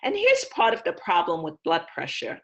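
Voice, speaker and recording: A woman physician on a video call, explaining health advice in a clear, patient, teacherly way. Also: lowish voice, wildly swooping pitch, normal speed, a bit bright. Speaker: physician guest.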